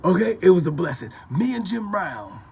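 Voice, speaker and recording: A man delivering a loud, rambling, profane rant to camera in a preachy tone, repeating himself as he goes. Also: sits high, big pitch swings, moderate pace, creaky, slight background noise. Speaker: vlogger.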